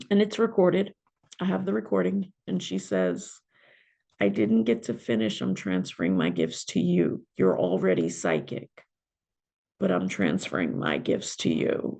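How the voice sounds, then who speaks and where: A middle-aged woman, a podcast guest and spiritual mentor, telling a personal story in an emotional, halting way. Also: on the low side, creaky, darkish tone. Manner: emotional, halting, with pauses and fillers.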